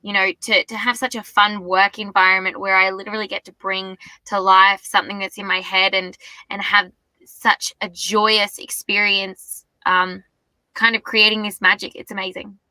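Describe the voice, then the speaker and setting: Bubbly woman, very bright voice. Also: mid-range voice, level tone, moderate pace, no room sound, rough recording. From Australia. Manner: bubbly, effusive, gushing. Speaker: singer-songwriter guest. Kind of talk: casual interview chat.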